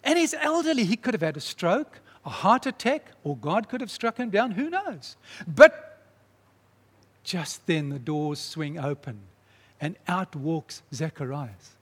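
A man preaching, retelling a story in a dramatic, animated way. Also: a little high, a little slow, long pauses, breathy edge. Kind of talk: sermon storytelling. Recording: long reverb in a large hall.

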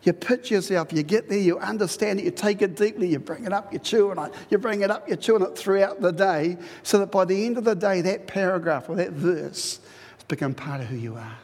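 A man preaching a sermon in a lively, conversational way, repeating phrases for emphasis. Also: sits high, fairly quick, big-room sound. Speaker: pastor.

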